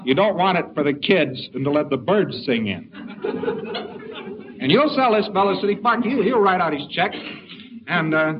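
Man, informal lecture, folksy, rambling, wry asides, slightly high voice, faint background hiss. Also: animated, moderate pace, pauses often. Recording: dull lo-fi recording with faint hiss.

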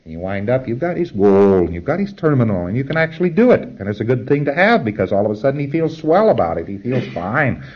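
A man's voice: mid-range voice, big pitch swings, fast, hardly any pauses, breathy edge, muffled recording. A man giving an informal, rambling spoken lecture in a conversational way. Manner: rambling, conversational, chuckles at his own asides.

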